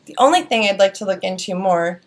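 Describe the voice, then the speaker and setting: A woman's voice: mid-range voice, animated, brisk. A young woman with a Wisconsin accent, chatting casually through a beauty product review, rambling with lots of fillers and restarts. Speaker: beauty vlogger.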